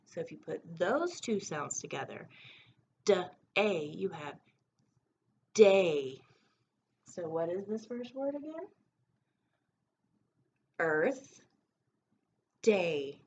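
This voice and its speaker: A woman teaching preschoolers a recorded phonics lesson, stretching out letter sounds in a slow, sing-song way. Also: lowish voice, very animated, dull audio.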